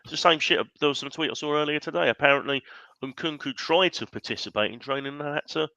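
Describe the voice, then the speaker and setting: A man's voice: a little high, fast talker, gravelly, sharp tone, no echo, dull audio. A man joining a football podcast as a guest, talking bluntly and with exasperation, swearing casually.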